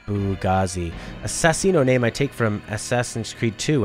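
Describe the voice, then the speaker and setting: A man's voice: low voice, fairly quick, hardly any pauses, a little mellow, soft background music. A man streaming a game with a friend, chatting and telling a story, sometimes reading the game's lines aloud in playful voices. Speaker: let's play streamer. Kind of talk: casual gameplay chat, reading game dialogue aloud.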